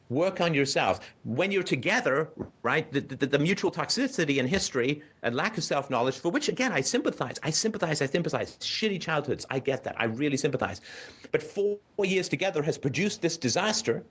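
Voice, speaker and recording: A man's voice: on the high side, a bit bright, slightly rough. A man hosting a call-in show, giving a caller blunt, profane advice in an emphatic, lecturing way and often asking "right?".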